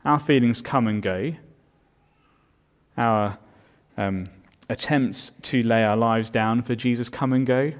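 A man's voice: mid-range voice, slow. A man preaching a sermon as pastor, earnest and building in volume on his key points.

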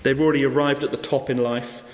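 A man's voice: medium pitch, quick pace. A man preaching a sermon, telling a parable and acting out the characters in it. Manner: animated storyteller acting out quoted guests. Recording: echoey hall.

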